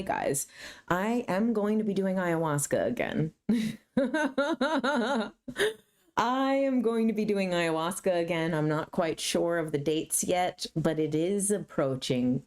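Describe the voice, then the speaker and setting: Low-voiced woman telling stories. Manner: animated, acts out her mom's voice mid-story. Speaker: YouTuber. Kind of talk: casual storytelling to camera.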